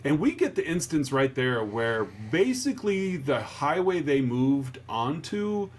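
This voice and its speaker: Animated man on a movie podcast. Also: mid-range voice, measured pace. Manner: jokey, retells scenes with put-on character voices. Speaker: podcast co-host. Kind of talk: casual movie podcast chat.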